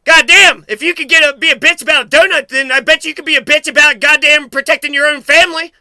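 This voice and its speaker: Angry man confronting someone on camera: high, very bright voice, dry close sound, profane and accusatory. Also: steady tone, fast talker, no echo. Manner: accusatory, swearing, repeating himself. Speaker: vlogger confronting his mother.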